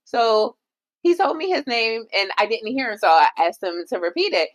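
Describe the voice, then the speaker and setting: A woman co-host from the United States tells a story in a casual podcast chat. Her pitch swings up and down as she acts out each person's lines. She keeps a chatty, animated delivery throughout. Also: moderate pace.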